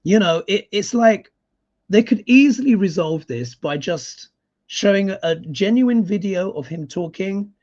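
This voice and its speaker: A man's voice: high-pitched, animated, unhurried, a little mellow. A man giving a live tarot reading in casual, sarcastic talk, often tagging his points with a questioning "yeah?". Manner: sarcastic, emphatic, keeps adding "yeah?" tags. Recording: dull lo-fi sound.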